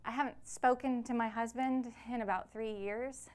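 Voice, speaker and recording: A woman playing the quiet, resigned wife of a man held in a distant federal prison. She speaks in a subdued, halting way. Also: a little high, steady tone, close to an everyday voice. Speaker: stage actor in a one-woman play. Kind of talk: theatrical monologue.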